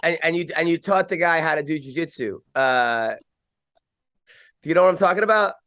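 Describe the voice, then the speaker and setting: A man's voice: on the high side, a little fast, a bit bright, dry recording, studio quality. A man hosting a podcast, asking rambling, joking questions with frequent restarts. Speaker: podcast host. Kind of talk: casual podcast interview.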